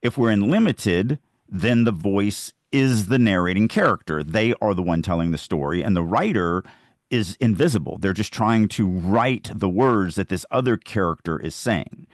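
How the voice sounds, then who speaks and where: A man with a low voice talks about writing in a podcast chat. He makes emphatic points from the reader's side, recorded dry and close with no room sound. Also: animated, normal speed, no room sound. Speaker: podcast co-host. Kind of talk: casual discussion on writing craft.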